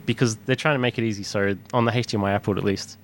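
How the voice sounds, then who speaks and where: Casual male co-host, low voice, rambling and laughing; slight background hiss. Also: fairly even intonation, rapid-fire. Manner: rambling, restarts, laughs often. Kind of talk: casual chat.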